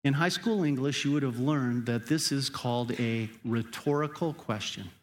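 A man's voice: medium pitch, moderate pace. A man preaching a sermon as a pastor, talking straight to the congregation and building to urgent emphatic peaks before dropping back down. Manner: conversational, speaks directly to the congregation.

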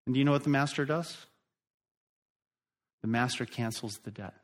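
A middle-aged male pastor preaching a sermon, emphatic and building in force at key points. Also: mid-range voice. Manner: slow, emphatic preaching that rises and drops in force.

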